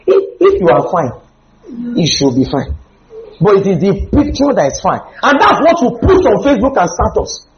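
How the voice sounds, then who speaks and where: A man preaching a humorous, animated sermon with sudden loud outbursts. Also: high-pitched, normal speed, reverberant, dull audio.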